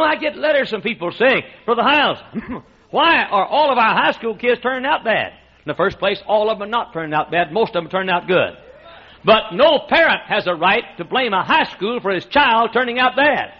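Male pastor mid-sermon, lively pitch, breathy edge, lo-fi church tape. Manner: emphatic preaching with frequent laughter from the room. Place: church sanctuary. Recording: muffled lo-fi sermon recording.

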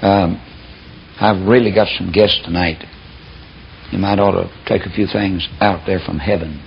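A man's voice: low voice, fairly even intonation, measured pace, creaky, lo-fi sound, slight background noise, voice pushed down. A man voicing a flustered ancient man who speaks sheepishly to his wife about guests, as part of a sermon story. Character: flustered ancient man hosting angels, hushed.

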